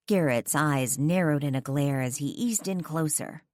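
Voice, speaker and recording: Female romance narrator, low-set voice, dramatic animated delivery, dry booth recording. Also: a little slow, hardly any pauses, no echo. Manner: expressive, dramatic, sweeps high for dialogue. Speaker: audiobook narrator. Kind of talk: first-person romance audiobook narration.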